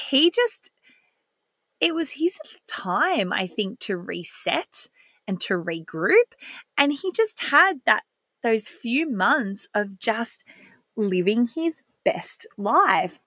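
A woman's voice: on the high side, very animated, slow, a bit bright, no echo. A woman, hosting a podcast and telling a candid, heartfelt personal story with the odd laugh. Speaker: parenting podcast host.

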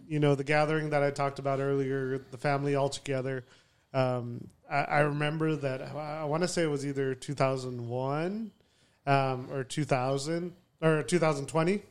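A man recalling a family memory in casual group chat, measured and reflective. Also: fairly high pitch, smooth. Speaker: podcast guest, father.

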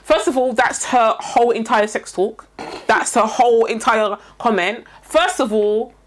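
Animated woman, mock-outraged storyteller. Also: on the high side, measured pace. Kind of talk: casual chat.

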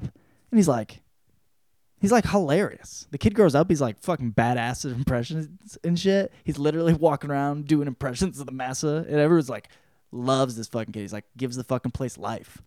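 A man's voice: medium pitch, dry recording, studio quality. Profane, rambling man retelling a book. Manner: profane, rambling retelling with sudden loud quoted outbursts. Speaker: podcast host. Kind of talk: casual spoken book report.

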